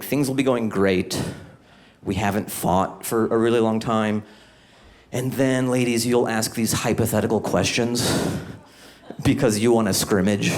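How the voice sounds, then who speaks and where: A man doing a stand-up comedy set in a comedy club, animated and acting out little scenes. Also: on the low side. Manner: animated, acts out voices and groans. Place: comedy club stage with audience laughter.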